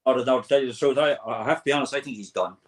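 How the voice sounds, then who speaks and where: A man's voice: mid-range voice, rapid-fire. A man on a sports podcast panel, speaking bluntly and with emphasis. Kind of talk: casual podcast chat.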